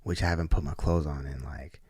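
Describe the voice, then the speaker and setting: Speaking low and deep with a brisk, husky quality, this podcast guest from Oklahoma tells a story in a loose, lively manner. He keeps restarting his sentences and imitates the people he quotes. There's no echo; the recording sounds close and dry.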